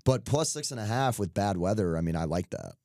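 A man's voice: on the low side, animated, a little fast, warm tone, no room sound, clean studio sound. A young man co-hosting a podcast, chatting casually about sports picks with loose, joking asides. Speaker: podcast co-host. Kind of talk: casual sports betting chat.

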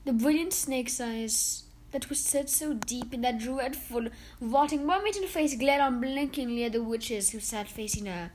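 A woman reading a children's story aloud in an expressive, dramatic way. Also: a little high, normal speed, hardly any pauses, slight background noise.

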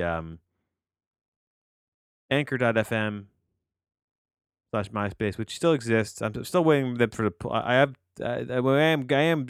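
A man's voice: fairly low pitch, clean tone, no echo, clean studio sound. A man hosting a solo podcast, rambling and digressing as he reviews a movie, often restarting his sentences and swearing casually. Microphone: close to the mic.

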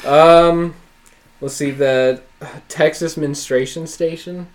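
A man's voice: fairly high pitch, steady tone, takes it slowly. A man from Oklahoma with an Oklahoman accent, hosting a podcast in casual, crude banter full of fillers. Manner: rambling, crude joking, lots of fillers. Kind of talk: casual chat.

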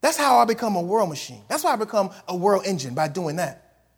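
Animated, high-voiced preaching man. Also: brisk, slightly rough. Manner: animated preaching, reads scripture aloud, acts out quotes in voices; colloquial phrasing. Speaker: pastor. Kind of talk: sermon.

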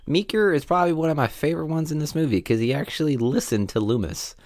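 A man's voice: on the high side, fast, a little mellow, no echo, studio quality. A young man co-hosting a podcast, casual and emphatic, swearing freely and acting out characters. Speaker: podcast co-host. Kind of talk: casual movie discussion.

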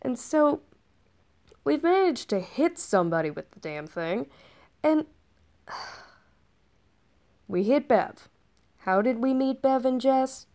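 A woman's voice: high-pitched, big pitch swings, slow pace, long pauses, darkish tone. Chatty woman spinning a rambling story. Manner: chatty and rambling, with sarcastic asides. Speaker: time-traveler storyteller. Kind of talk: casual in-character storytelling.

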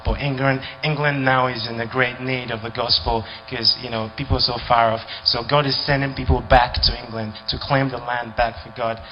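A man's voice: medium pitch, flat delivery, normal speed, few pauses. A young man, giving an earnest, heartfelt testimony to a church conference. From Nigeria. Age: young adult. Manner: earnest, heartfelt, building in intensity. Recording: lo-fi video with music behind.

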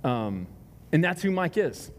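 Male pastor with a somewhat high voice, chatty and wandering off on tangents; recorded with long reverb in a big hall. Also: big pitch swings, measured pace. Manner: rambling, self-deprecating, goes off on tangents. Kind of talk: casual sermon announcements. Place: large church hall before a congregation.

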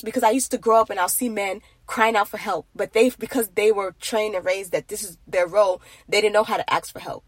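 A woman's voice: mid-range voice, fairly even intonation, fairly quick, few pauses, slightly rough, dry recording. Earnest young woman on faith. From Nigeria. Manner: earnest, rambling with restarts. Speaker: faith vlogger. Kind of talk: casual faith monologue.

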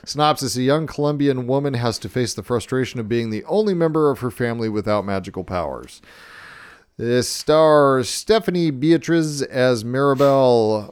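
A man's voice: medium pitch, normal speed, smooth, no echo. A man co-hosting a casual podcast, swearing freely and stammering through restarts. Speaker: podcast co-host. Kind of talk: casual profane chat.

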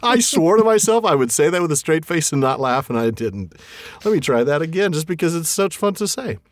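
A man's voice: on the high side, big pitch swings, a little fast, no room sound. A man co-hosting a podcast, chatting casually and reading aloud with animation, laughing along as he goes. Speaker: podcast co-host. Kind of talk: casual chat and read-aloud.

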